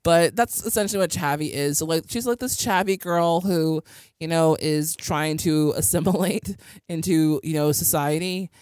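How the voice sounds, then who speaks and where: Smooth-voiced woman podcaster, casual ramble. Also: sits low, normal speed, a little mellow, dry recording, studio quality. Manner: rambling, filler-heavy recap. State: tipsy from drinking. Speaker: podcast co-host. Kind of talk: casual chat.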